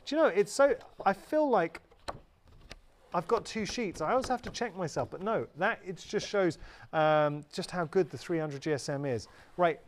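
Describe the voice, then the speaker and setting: A man's voice: sits high, expressive, normal speed, a little hiss or hum. A British man presenting on a live shopping channel in a chatty, upbeat way, often correcting himself. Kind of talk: live TV sales pitch. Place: TV studio.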